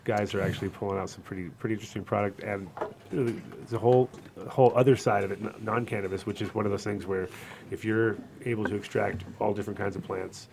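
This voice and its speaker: A man hosting a relaxed studio podcast, his fairly low voice full of gravelly fry. He talks in a loose, profane, rambling way as he runs through sponsors. A faint hiss sits behind him. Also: quick pace. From Rhode Island, USA. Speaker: podcast host. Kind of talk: casual studio chat reading sponsors.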